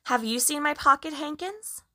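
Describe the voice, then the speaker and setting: A woman's voice: sits high, expressive, moderate pace, bright, forceful tone, voice pushed up. A woman voicing a curious, eager little girl in a storybook reading. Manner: eager, questioning. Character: curious little girl looking for her handkerchiefs.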